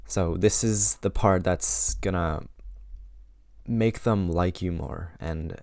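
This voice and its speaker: Young man, around eighteen, deep voice, casual advice vlog, filler-heavy, dry recording. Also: slow, vocal fry, a little mellow, dry recording. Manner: casual, filler-heavy, acts out sample lines. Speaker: vlogger giving social advice. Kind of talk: casual advice talk to camera.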